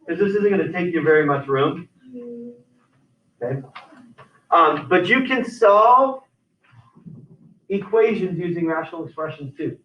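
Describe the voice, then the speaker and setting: A man's voice: high voice, expressive, a little slow, pauses often. A man teaching a math class, explaining algebra steps one at a time with frequent restarts. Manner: explains step by step, with many restarts. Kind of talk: classroom lecture. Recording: roomy, distant, dull lo-fi sound.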